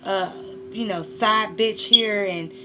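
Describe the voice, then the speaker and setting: A woman's voice: medium pitch, slow, sharp tone, soft background music. A woman doing a casual tarot reading to camera, blunt and profane, talking straight to her listener. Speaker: tarot reader.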